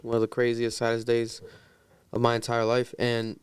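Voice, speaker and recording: A man co-hosting a podcast who recounts events in a casual, measured way. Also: mid-range voice, monotone, clean tone, no echo.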